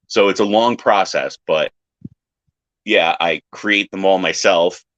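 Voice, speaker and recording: A man in casual chat who tells animated stories, acting out other people's lines in silly high voices and swearing freely. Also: slow. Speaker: podcast panelist. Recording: dry, dull lo-fi sound.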